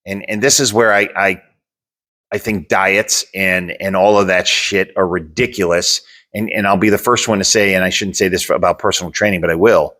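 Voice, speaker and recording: A blunt man co-hosting a podcast with a somewhat low voice. He talks casually, swears freely and walks through everyday examples. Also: steady tone, brisk, a bit bright. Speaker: podcast co-host and gym owner. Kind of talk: casual chat.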